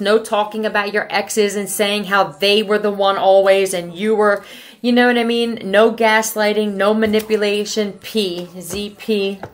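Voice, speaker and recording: A woman from Philadelphia giving a casual tarot reading, talking bluntly and with a lot of profanity, rambling from one thought to the next. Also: mid-range voice. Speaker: tarot reader.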